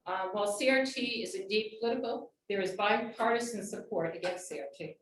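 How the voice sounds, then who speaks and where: A woman's voice: medium pitch, brisk. A woman giving an earnest public comment at a school board meeting, reading prepared remarks. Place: large meeting room. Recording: echoey room, distant mic, faint noise.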